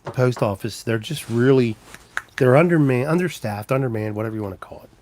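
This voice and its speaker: A man's voice: mid-range voice, brisk, a little mellow, slight background noise. Rambling man chatting on a livestream. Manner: rambling, greets chat viewers by name. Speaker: livestream host. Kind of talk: casual live-stream chat. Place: walking around his home.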